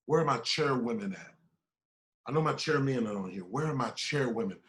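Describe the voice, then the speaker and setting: A man, a business mentor, giving a motivational speech in a preachy, repetitive way, swinging between loud urging and low asides. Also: animated, brisk.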